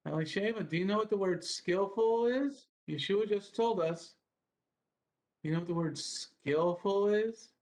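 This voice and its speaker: A man's voice: high voice, measured pace, darkish tone. A man leading an online devotional lesson for children over a video call, patiently spelling words out letter by letter.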